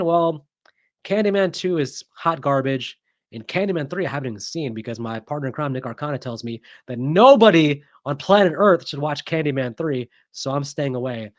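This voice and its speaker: A man of middle pitch hosts a casual horror movie vlog, voicing his picks with strong opinions. He talks in a chatty, rambling way, full of ums and restarts. The sound is dry and close, with little room echo. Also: moderate pace, lo-fi sound.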